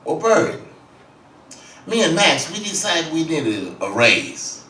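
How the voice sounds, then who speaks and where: A man putting on an indignant young male jazz trumpeter who pushes his voice up high and insists on his point. It is heard as roomy hall audio from a distance. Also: sing-song, slow pace, bright, forceful tone, heavily acted.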